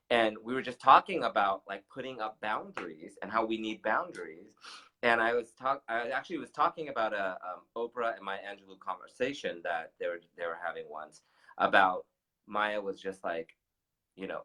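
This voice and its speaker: A man co-hosting a casual talk show, chatty and agreeable, quick to laugh along. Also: on the low side, a bit bright. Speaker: podcast co-host.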